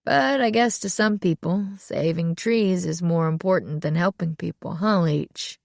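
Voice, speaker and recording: A woman voicing a folksy, mocking male small-town sheriff with a slow drawl. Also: on the low side, creaky, dry recording, studio quality.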